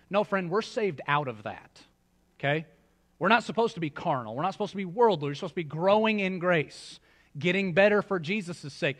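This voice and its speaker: Conversational preacher man, slightly high voice. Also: expressive, normal speed, a bit bright. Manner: conversational, joking asides to the congregation. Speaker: pastor. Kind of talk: sermon. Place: church sanctuary.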